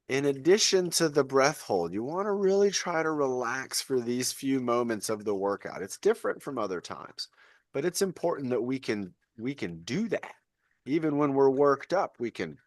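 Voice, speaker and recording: A man's voice: mid-range voice, dry recording, studio quality. Upbeat man coaching a fitness class. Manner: encouraging, chatty. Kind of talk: live online fitness class. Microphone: video call.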